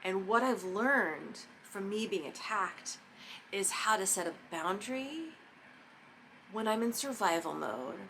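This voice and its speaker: A woman giving a casual, profane motivational monologue about forgiveness, emphatic and spontaneous, sometimes dropping into soft mock whispers. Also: mid-range voice, lively intonation, slow, slight background noise. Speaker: spiritual self-help vlogger.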